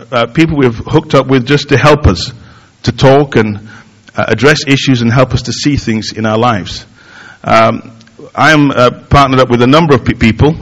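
A middle-aged male pastor preaching in an easy, conversational way. He pokes fun at himself and often stops and restarts his sentences. His voice sits at an ordinary middle pitch. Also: a bit bright, highs cut off. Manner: conversational, self-deprecating, with frequent fillers and restarts. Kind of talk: sermon.

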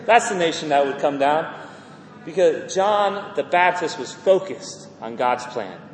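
Male preacher, high voice, animated sermon, repeats words, echoey hall, faint room noise. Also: unhurried. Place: church hall.

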